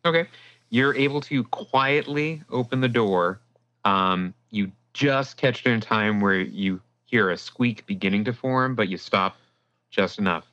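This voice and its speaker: A man's voice: on the low side, measured pace, fairly bright tone. A man narrating a tabletop game as game master, casual with lots of fillers, on dull lo-fi audio.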